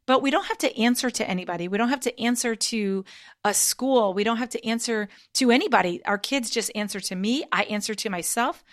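Chatty homeschooling mom hosting a podcast, slightly high, encouraging delivery. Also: female voice, fairly bright tone. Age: adult parent. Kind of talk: casual advice monologue.

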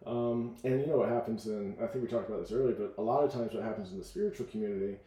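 A man coaching in a casual podcast conversation, telling stories with lively acted-out quotes. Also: fairly low pitch, very fast, roomy sound. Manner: animated storyteller, acts out voices in quotes.

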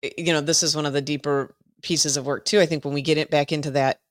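A podcast host in casual conversation, warmly affirming and enthusiastic, quick to laugh and agree. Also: mid-range voice, little pitch movement, no room sound, clean studio sound.

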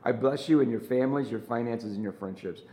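A man's voice: mid-range voice, fairly quick, mellow. A male pastor giving a sermon with an earnest preaching style, full of repeated phrases and rhetorical questions. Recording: roomy echo of a large room.

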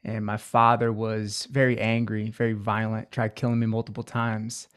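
A man's voice: fairly low pitch, level tone, normal speed, clean tone. A man in his twenties, a guest on a podcast, telling his life story in an earnest, reflective way. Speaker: podcast guest, healing coach. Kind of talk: personal story in an interview.

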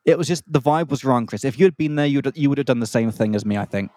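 A man's voice: mid-range voice, quick pace, a little mellow, dry recording. A young man co-hosting a podcast for English learners, telling a rambling story in a casual way, stopping to explain slang and acting out the other voices. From Australia. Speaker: podcast co-host.

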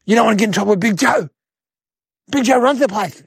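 A woman's voice: a little high, quick pace, gravelly, breathy edge, no room sound, studio quality. A woman voicing a nervous grown-up farmer uncle who gives stern, urgent warnings.

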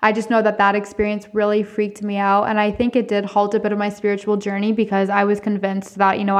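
Chatty woman telling stories. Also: mid-range voice. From Canada. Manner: expressive, chatty, laughs often; speaks candidly, with some swearing. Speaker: podcast host. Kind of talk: casual personal storytelling.

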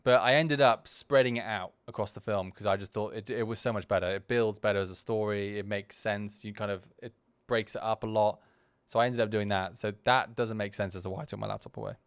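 A man's voice: on the low side, steady tone, brisk, few pauses, smooth, no room sound. A man hosting a podcast, giving casual, candid commentary on his own video in a rambling way full of restarts. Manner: candid and self-deprecating. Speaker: podcast host.

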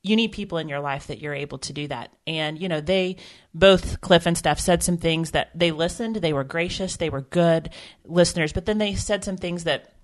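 A woman's voice: lowish voice, normal speed, few pauses. A woman co-hosting a podcast, talking earnestly and emotionally about faith, with frequent restarts. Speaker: podcast co-host. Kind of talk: candid faith podcast conversation.

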